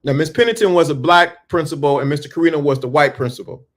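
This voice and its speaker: A man telling a story in a talk, animated and full of stammering restarts. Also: fairly high pitch, fast talker. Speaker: speaker.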